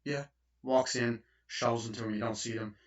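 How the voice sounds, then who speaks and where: A man's voice: medium pitch, fairly even intonation, normal speed. A man giving a casual, rambling spoken film review, full of fillers and swearing. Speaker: movie reviewer. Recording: dull lo-fi recording.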